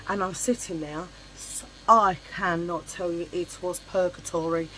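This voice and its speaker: A middle-aged woman vlogger tells a long story in casual chit chat, her lowish voice a little slow over a low-quality recording with some hiss or hum. She's chatty, animated and blunt, swearing freely and acting out voices in her anecdotes.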